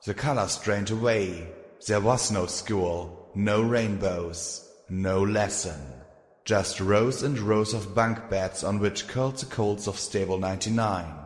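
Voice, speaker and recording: A man narrating a fan fiction audiobook in a steady, measured way. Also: on the low side. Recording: echoey room with long reverb.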